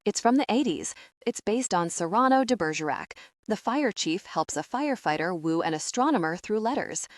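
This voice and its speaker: A woman's voice: mid-range voice, animated, moderate pace, no room sound, close to an everyday voice. A woman voicing a dry-humored young man who owns a theater, in an audiobook reading. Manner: dry, teasing.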